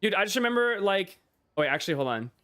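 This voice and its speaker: A man's voice: sits high, big pitch swings, fast talker, pushed and bright, no echo, studio quality. A man streaming a video game who chats casually and rambles, swearing constantly and often laughing. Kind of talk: casual livestream chat.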